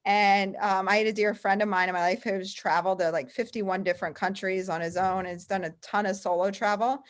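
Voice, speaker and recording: A woman's voice: mid-range voice, steady tone, a little fast. A woman guest on an interview, a firm founder, telling stories casually and full of fillers. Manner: chatty, frequent "like" and "um" fillers.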